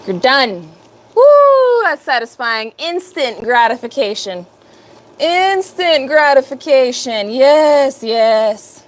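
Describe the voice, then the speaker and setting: A woman in her fifties hosts a relaxed live stream, chatting with viewers as she works. Her voice sits a little high, and she takes her time with each thought. She stays upbeat and friendly, greeting people in the chat by name. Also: slow. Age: 50s. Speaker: livestream host. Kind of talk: casual live chat while working.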